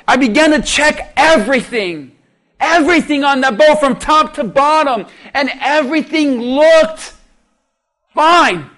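A man preaching a sermon, telling a lively personal story and asking the congregation questions. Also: extremely high pitch. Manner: animated storytelling with audience questions.

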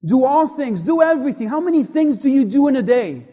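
Pastor, male, very high voice, emphatic sermon delivery, long church-hall reverb. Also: big pitch swings, brisk. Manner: emphatic preaching, swinging from loud to hushed.

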